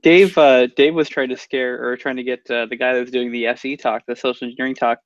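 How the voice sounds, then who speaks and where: A male podcast co-host in casual chat, talking haltingly and pausing over his words. His voice sounds muffled and lo-fi, with a dry, close recording. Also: mid-range voice, fairly even intonation, no echo. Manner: halting, full of fillers and restarts.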